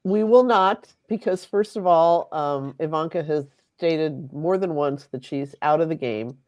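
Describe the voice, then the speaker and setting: A woman's voice: deep voice, unhurried, darkish tone, no echo, muffled recording. A woman journalist on a talk panel, telling sarcastic stories in a wry, dry manner. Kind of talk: casual panel chat.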